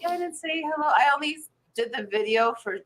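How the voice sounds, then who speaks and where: A woman's voice: high-pitched, expressive, fast, a bit bright, poor audio. A woman hosting a casual morning livestream, giggling often as she greets viewers and chats with her co-host.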